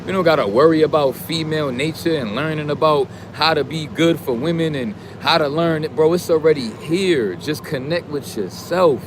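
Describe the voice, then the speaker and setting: A man delivers a casual motivational rant thick with street slang and swearing, swinging from calm preaching to loud, heated outbursts. His voice sits on the high side for a man. Traffic and street noise come through clearly behind him. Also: moderate pace, hardly any pauses. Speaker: streamer giving motivational talk.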